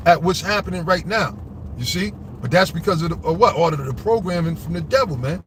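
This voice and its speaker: A man preaching fervently from scripture, rambling and swearing and often asking his listeners "all right?" He reads the verses slowly and gets louder and higher when agitated. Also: expressive, a little hiss or hum. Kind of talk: fiery street-style scripture commentary.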